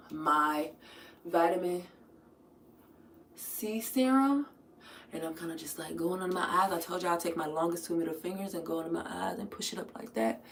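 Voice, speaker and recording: A woman's voice: fairly bright tone, a little hiss or hum. Chatty woman hosting a skincare livestream. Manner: chatty, reads viewer comments aloud and answers them; laughs often, bursts into high squeals. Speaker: livestream host. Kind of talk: casual livestream chat during a skincare routine.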